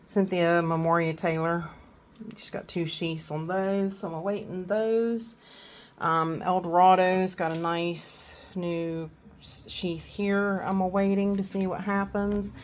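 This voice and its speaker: A middle-aged woman with a Southern US accent talks through her shelves indoors at home, recorded on a handheld phone. Her voice sits a little low, and she rambles in an easy, chatty way, full of fillers and restarts. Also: fairly even intonation, slow, slight background noise. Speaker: orchid vlogger. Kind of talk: casual walkthrough of her plants.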